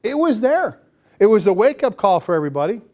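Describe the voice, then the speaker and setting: A man speaking as a fire chief at a seminar, energetic and folksy, repeating phrases for emphasis. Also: high voice, brisk. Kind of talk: motivational seminar talk to firefighters. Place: seminar room before a live audience.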